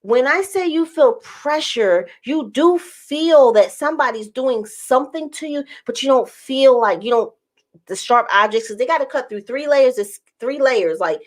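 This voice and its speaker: Chatty woman vlogger, slightly high voice. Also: moderate pace. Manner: chatty, animated, addresses viewers as y'all. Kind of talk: casual storytelling to viewers.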